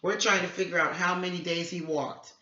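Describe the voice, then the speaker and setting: Homeschool parent teacher, bright forceful tone, echoey home room, slightly dull recording. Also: medium pitch, fairly even intonation. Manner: encouraging, repeats phrases, quick praise. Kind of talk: coaching a child through word problems.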